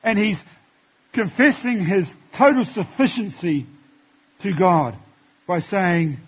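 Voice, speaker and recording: Husky-voiced male pastor preaching. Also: sits high, animated, takes it slowly, dull audio. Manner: conversational preaching, quoting scripture. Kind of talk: sermon. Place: church.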